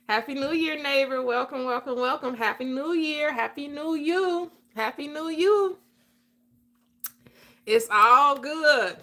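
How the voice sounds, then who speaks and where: A woman's voice: on the high side, sharp tone. A woman hosting a livestream, giving a casual motivational talk with emphatic, preachy delivery and frequent laughter. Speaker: livestream host.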